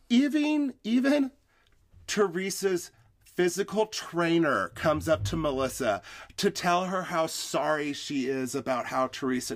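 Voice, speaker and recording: Male podcast co-host, animated and emphatic. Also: high-pitched. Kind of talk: casual chat.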